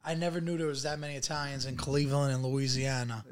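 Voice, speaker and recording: A man's voice: mid-range voice, level tone, fast talker. A man co-hosting a podcast in casual chat, telling stories animatedly and laughing often. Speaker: podcast co-host.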